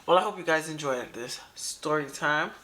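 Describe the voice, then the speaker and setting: A woman's voice: low voice, normal speed, noisy background. A woman hosting a reaction video, commenting emphatically in casual slang.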